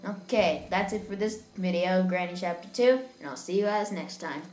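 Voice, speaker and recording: A woman's voice: fairly low pitch, moderate pace, reverberant, over music. A woman hosting a gaming channel, chatting and giggling to viewers as she plays through a horror game. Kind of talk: casual let's-play commentary.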